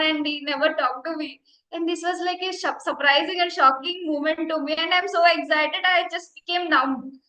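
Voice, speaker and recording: Bright-voiced young Indian woman, roomy sound. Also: sits high. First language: Telugu. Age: young adult. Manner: heartfelt, earnest storytelling. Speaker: meditation teacher. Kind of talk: personal testimony talk. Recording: roomy echo.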